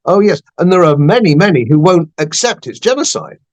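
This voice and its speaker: A man's voice: fairly high pitch, expressive, fairly quick. An older man, a podcast guest giving blunt, emphatic political opinions and repeating phrases for stress.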